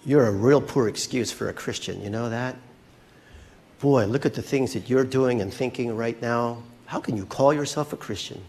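A man's voice: medium pitch, moderate pace, a little mellow, voice pushed down, lightly acted. A man voicing a scornful inner voice that belittles and condemns the listener. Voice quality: sneering, scornful.

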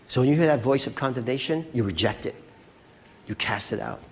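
Male pastor, sermon, conversational, animated, checks in with listeners, mid pitch. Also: fairly quick, a little hiss or hum.

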